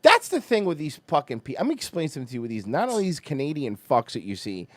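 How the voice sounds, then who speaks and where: Animated profane Florida man. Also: on the high side, quick pace, no room sound. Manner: loud, animated, mocking, swears constantly. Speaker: podcast host. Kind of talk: profane comedic rant.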